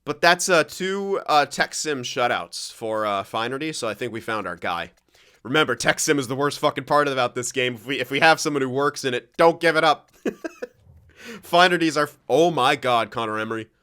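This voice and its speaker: Brief: young male gamer commentator, bright clear voice, hype then grumpy, lots of cursing. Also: mid-range voice, normal speed. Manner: excitable, swears often, swings between shouting and grumbling. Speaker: gaming commentator. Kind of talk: live game commentary.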